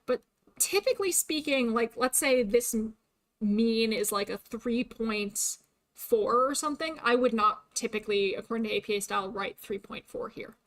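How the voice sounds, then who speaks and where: A woman's voice: fairly high pitch, moderate pace. A young adult woman streaming casually, chatty with many fillers and frequent laughs, her voice starting to tire. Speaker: VTuber streamer. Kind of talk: casual livestream chat.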